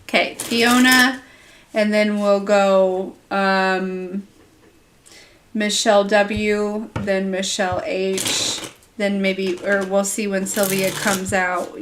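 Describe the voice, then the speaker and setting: A woman's voice: mid-range voice, little pitch movement, takes it slowly, a bit bright, a little hiss or hum. A woman casually giving a tarot reading on a livestream, chatty and laughing often, with lots of fillers. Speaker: tarot reader.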